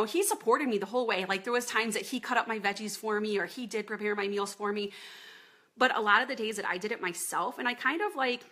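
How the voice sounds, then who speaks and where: A woman's voice: medium pitch, sharp tone. A woman in her thirties, a fitness coach chatting casually on a live video from her home office, greeting viewers by name as she talks.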